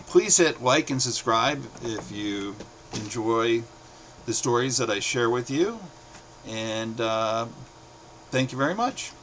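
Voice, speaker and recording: A middle-aged man from the United States reading his own short stories aloud, in a plain, steady way with brief pauses. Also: on the low side, slight background noise.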